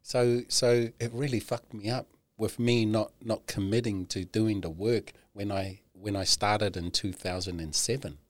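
A middle-aged man, a podcast guest, candidly telling a personal story, swearing often and halting with many "you know"s. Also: on the low side, fairly even intonation, no room sound.

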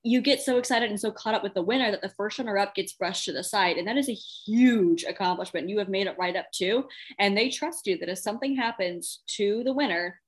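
A young adult woman, a podcast guest and pageant titleholder, telling a story casually, acting out quotes and laughing often. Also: mid-range voice. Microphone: podcast microphone.

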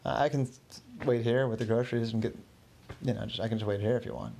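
Laid-back reassuring friend, gravelly voice, easy tone, as a man reads it. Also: mid-range voice, fairly even intonation, quick pace, warm tone. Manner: soothing, reassuring. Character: calm supportive male friend.

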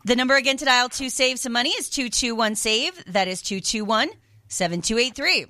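A woman hosting a radio call-in show, brisk, cheerful and friendly as she takes callers' orders. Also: a little high, bright, forceful tone, no echo, studio quality. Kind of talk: upbeat on-air call-taking. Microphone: studio microphone.

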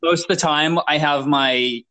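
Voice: medium pitch, measured pace, crowd noise. Podcast host, effusive and enthusiastic, casual slangy talk. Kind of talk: casual interview conversation.

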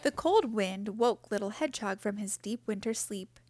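A woman reading a children's picture book aloud in a gentle, expressive way. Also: mid-range voice, normal speed, dry recording, faint music behind. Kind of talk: storybook read-aloud.

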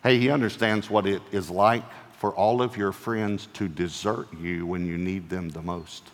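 A male pastor preaching a sermon in an animated way, acting out quoted lines in playful voices and often laughing as he talks. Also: low voice, moderate pace, big-room sound.

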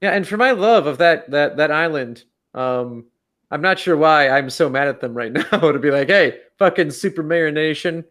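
A man's voice: a little high, lively intonation, moderate pace, fairly bright tone. A man co-hosting a casual podcast, rambling with lots of filler words and swearing. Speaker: podcast co-host. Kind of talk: casual chat.

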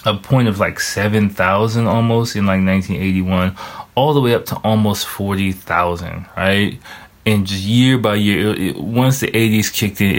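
A man in a casual solo monologue, rambling with heavy swearing and thinking aloud as he searches online. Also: low voice. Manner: stops to search charts online while talking.

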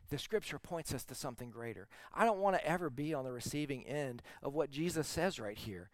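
A man's voice: mid-range voice, expressive, brisk, few pauses, no room sound. Man preaching a dry, close-miked sermon. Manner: conversational storytelling preaching, swings from soft to emphatic. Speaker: teaching pastor.

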